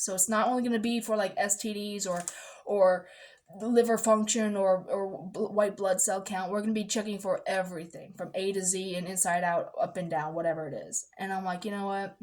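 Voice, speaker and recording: A woman telling a story in a casual vlog, dramatic and animated, often swearing and acting out the voices of others. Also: mid-range voice, brisk.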